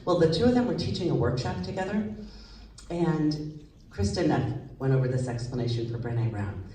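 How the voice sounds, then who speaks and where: Low, mellow woman speaking on stage. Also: moderate pace. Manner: lively, conversational, asks the audience questions. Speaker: psychologist giving a talk. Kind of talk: stage talk to an audience. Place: large hall with audience. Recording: echoey hall, voice slightly distant.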